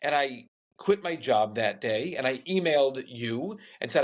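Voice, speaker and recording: A man's voice: mid-range voice, animated, unhurried. Candid man telling his own story. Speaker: podcast host. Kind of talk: casual interview conversation.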